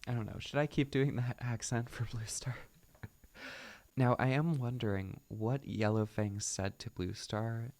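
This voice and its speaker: A man's voice: mid-range voice, steady tone, a little slow, darkish tone. A man reading a book aloud and chatting about it in musing, self-deprecating asides. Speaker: book reader and commentator. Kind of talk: reading aloud with casual commentary.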